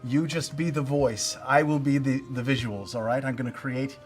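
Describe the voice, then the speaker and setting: A man's voice: medium pitch, fairly even intonation, moderate pace, lightly acted. Guy playing a nervous gnome dad, stammery and earnest, faint music under. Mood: pleading. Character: anxious middle-aged gnome father, a bard. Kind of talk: tabletop role-play.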